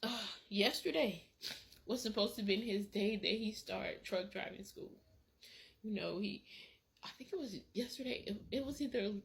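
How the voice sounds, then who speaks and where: A grieving woman talks in a personal vlog, halting and repeating herself, her voice tearful. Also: mid-range voice, creaky, husky. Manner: halting, repeats words, many fillers. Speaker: vlogger.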